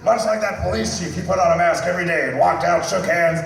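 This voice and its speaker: A man's voice: high voice, fairly even intonation, quick pace, gravelly. A man cosplaying a blustering, bombastic newspaper editor, speechifying pompously at a convention panel, recorded from far off in an echoey hall. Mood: grandiose.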